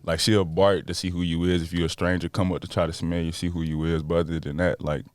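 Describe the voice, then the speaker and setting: Young Southern American man, very low voice, dry close mic, relaxed slangy podcast guest. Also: fast, no echo. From Montgomery, Alabama, USA. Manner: laid-back, slangy, chuckling. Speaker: guest basketball player. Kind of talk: casual interview chat.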